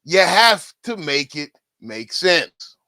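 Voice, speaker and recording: A man's voice: on the high side, very animated, takes it slowly, sharp tone, no echo. A man giving profane, rambling live-stream commentary, often breaking off to say "listen". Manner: profane, repetitive, keeps saying "listen".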